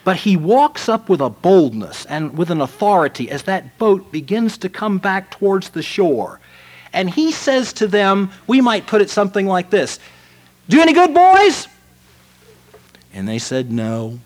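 A man preaching a sermon, telling a story dramatically and moving from loud lines to hushed ones. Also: high-pitched, sing-song, moderate pace.

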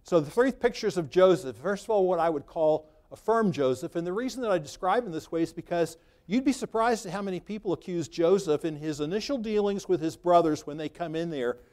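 A man's voice: high voice, a little fast, darkish tone. A man preaching a sermon in a conversational, free-flowing way, lifting his voice for emphasis.

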